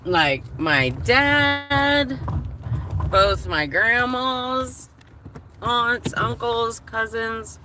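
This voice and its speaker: A woman's voice: fairly high pitch, extremely slow, noisy background. A woman chatting candidly on a livestream, emotional and swearing freely. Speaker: live streamer. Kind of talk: casual livestream chat.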